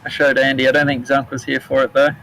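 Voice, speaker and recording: A man chatting easily on a game stream, quick to laugh. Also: mid-range voice, level tone, creaky, a bit bright, a little hiss or hum, poor audio. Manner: laughing, easygoing banter. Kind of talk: casual chat over gameplay.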